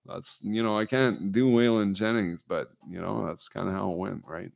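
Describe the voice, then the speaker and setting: A man's voice: low voice, fairly even intonation, moderate pace, creaky. A middle-aged man talking alone to his vlog audience in a meandering, self-deprecating monologue full of fillers. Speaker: vlogger. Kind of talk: rambling solo monologue. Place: indoors, alone.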